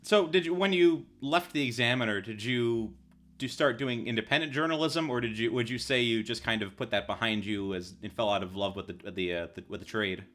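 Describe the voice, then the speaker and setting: A man's voice: medium pitch, brisk, fairly bright tone. A man hosting a casual podcast, asking long, rambling questions.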